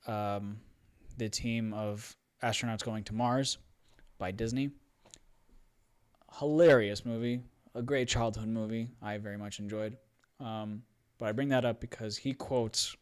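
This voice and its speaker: Brief: male host, unhurried, clear tone, playful, a little hoarse. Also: medium pitch. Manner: enthusiastic, playful, with frequent fillers. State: slightly hoarse. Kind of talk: casual film commentary. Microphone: studio microphone.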